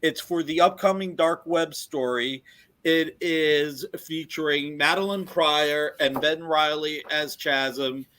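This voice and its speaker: A man with a slightly high, very bright, forceful voice gives an eager pitch for comic art. He rambles casually with restarts. His delivery sounds sharp and energetic. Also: slow. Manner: enthusiastic, rambling.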